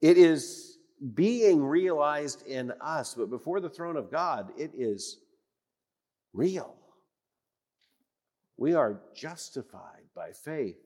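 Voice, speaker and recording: A man preaching an emphatic sermon in a church, repeating phrases for weight and swinging from loud declarations to hushed tones. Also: fairly high pitch, expressive, slow pace, pauses often. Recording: long reverb of a church hall.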